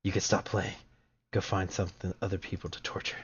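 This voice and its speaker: A man voicing a distraught young female game character, reading her dialogue aloud in a raised falsetto over dull lo-fi stream audio. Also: level tone, fairly quick, husky. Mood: accusing.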